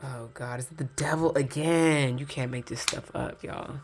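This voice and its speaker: A woman's voice: very deep voice, steady tone, moderate pace, background noise. A woman giving a casual pick-a-card tarot reading, chatty and candid, talking straight to her viewers and laughing between points.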